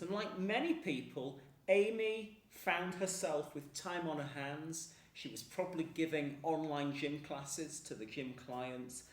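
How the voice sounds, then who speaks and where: A man's voice: on the high side, echoey room, recorded from a distance. A man from England with a Northern English accent, chatting enthusiastically to camera in a casual food vlog. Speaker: food vlogger.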